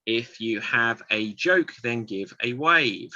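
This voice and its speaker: A man with a very bright, tense voice hosts an improv game over a video call, talking slowly. The audio is dull and lo-fi, with a dry, close sound. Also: mid-range voice, animated, dry recording. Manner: drawn-out, playful calling on players. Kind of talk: hosting an online improv game.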